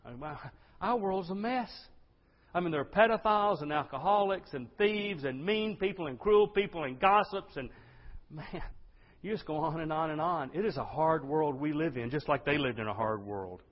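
A man preaching a sermon, swinging between hushed, intimate lines and loud, impassioned outbursts. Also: a little high, expressive, normal speed. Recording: dull sound with long hall reverb.

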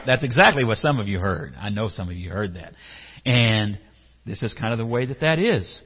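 Male pastor giving a sermon, chatty, keeps asking the room questions, slightly husky voice. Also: on the low side, expressive, normal speed. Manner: conversational, asks the congregation questions, acts out quotes. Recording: echoey hall, slightly dull sound.

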